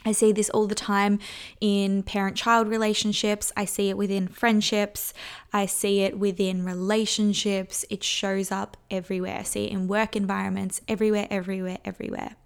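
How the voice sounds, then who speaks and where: A woman's voice: mid-range voice, flat delivery, moderate pace, clear, resonant tone. A young woman hosting a solo podcast, talking candidly and conversationally, sometimes acting out what people say. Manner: candid, conversational, acts out quoted voices. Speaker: podcast host.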